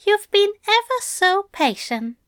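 A woman voicing a soft-spoken, doting male angel who is fussy and controlling, in a gentle, coaxing and prim manner. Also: very high voice, sing-song, slow, no echo, studio quality, voice pushed up, full character voice. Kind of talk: audiobook character voice.

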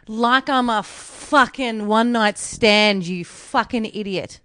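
Animated woman telling a story. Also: a little high, slow, clear, resonant tone, dry recording. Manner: animated storytelling, acts out quotes, swears freely. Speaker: podcast co-host. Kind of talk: casual chat.

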